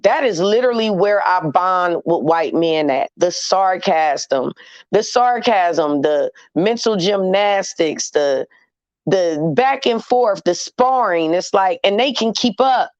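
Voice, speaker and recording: A woman's voice: lowish voice, animated, slow, no echo, dull audio. A woman hosting a casual chat with her audience, talking in a blunt, candid and slangy way. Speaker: host talking to viewers.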